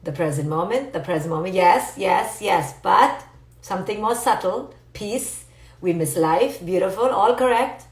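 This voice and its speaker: Animated woman teaching live, roomy sound. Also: medium pitch. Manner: animated, playful, answers viewer comments. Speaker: psychologist giving a live talk. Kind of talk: live-stream motivational teaching. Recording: roomy echo.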